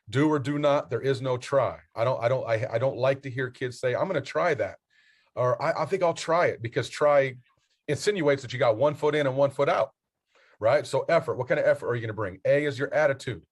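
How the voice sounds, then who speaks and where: A man's voice: medium pitch, brisk. A man, a basketball coach and mentor, talking as a podcast guest, earnest and motivational as he spells out his acronyms.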